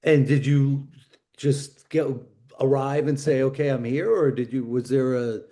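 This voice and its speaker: A man hosting a podcast, asking halting questions and giving short affirmations. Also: medium pitch, fairly even intonation, warm tone. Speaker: podcast host. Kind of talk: interview questions.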